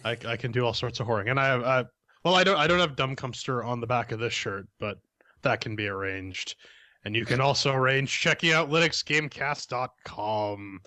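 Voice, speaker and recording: Man from Canada, co-host, bright tone, rambling, dry sound. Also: medium pitch, fairly quick, dry recording. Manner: rambling, joking, repeats words. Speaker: podcast co-host. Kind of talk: casual podcast banter.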